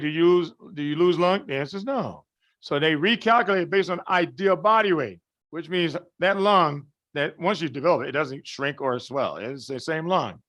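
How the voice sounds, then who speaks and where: Man, somewhat high voice, class lecture, folksy, rhetorical questions, checks understanding. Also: fairly bright tone. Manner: colloquial, folksy phrasing. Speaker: medical lecturer.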